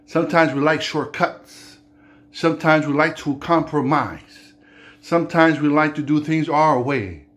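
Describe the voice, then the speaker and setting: A male pastor preaches and retells scripture as a vivid story. His voice sits a bit high for a man. He moves between narration and direct lessons for his listeners. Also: unhurried, fairly bright tone. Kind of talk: sermon.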